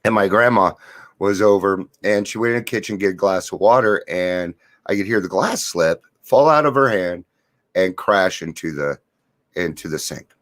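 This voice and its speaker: A man's voice: low-pitched, moderate pace, fairly bright tone. A middle-aged man talking to camera in an earnest, confiding way, sharing a daily recovery reflection and stories. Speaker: recovery vlogger.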